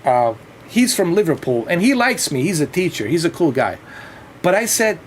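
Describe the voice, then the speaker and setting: A man's voice: a little high, big pitch swings, normal speed, slight background noise. Rambling, cursing man on a livestream. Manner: rambling and profane, with frequent restarts and laughs. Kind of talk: casual rambling chat.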